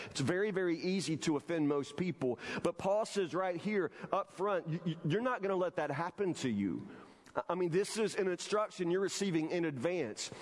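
A man's voice: fairly high pitch, darkish tone. A male pastor preaching a sermon, telling a personal story with repeated phrases and checking in with the congregation. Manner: storytelling, repeats phrases, asks the room "you understand?". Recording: long hall reverb.

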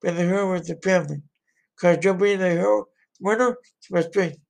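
A man's voice: sits high, steady tone, normal speed, gravelly. A man playing an encouraging wartime president. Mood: rousing. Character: encouraging male US president addressing a soldier. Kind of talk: amateur solo role-play.

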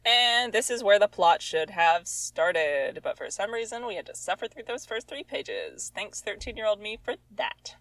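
A woman's voice: mid-range voice, very animated, moderate pace, few pauses, a bit bright, no room sound, low-quality recording. A woman reading her own childhood story aloud, with sarcastic, exasperated comic asides. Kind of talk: comedic reading with commentary.

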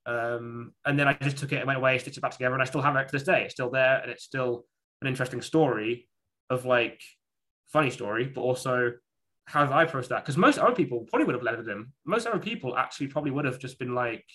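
A man with a bright, forceful voice chats casually. He tells a story in a rambling way, stopping and restarting often. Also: medium pitch, expressive, quick pace. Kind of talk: casual conversation.

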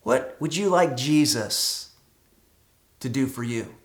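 A pastor preaches a dramatic sermon, rising to loud emphatic peaks and dropping to hushed stretches. Words and phrases come back again and again for weight. The voice sits mid-pitch and rings in a roomy, echoey hall. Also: lively intonation, slow. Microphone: streamed service mic.

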